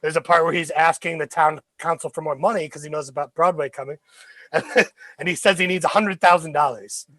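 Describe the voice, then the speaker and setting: A man's voice: on the high side, steady tone, a little fast, fairly bright tone, no room sound. A man co-hosting a podcast, chatting about movies with enthusiasm and acting out favorite quotes. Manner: enthusiastic, quotes lines with laughs. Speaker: podcast co-host. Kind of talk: casual movie review chat.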